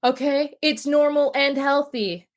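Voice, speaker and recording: Speaking in a high, steady voice, a mental health professional co-hosting a podcast chats in a relaxed yet emphatic way, teases, and runs quickly through a list of facts.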